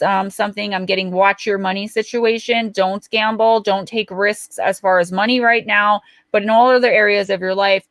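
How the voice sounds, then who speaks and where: Woman, 40s, oracle reader, chatty and warm-humored, dry close sound. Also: medium pitch, dry recording. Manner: chatty, reassuring, joking. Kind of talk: live-stream card reading.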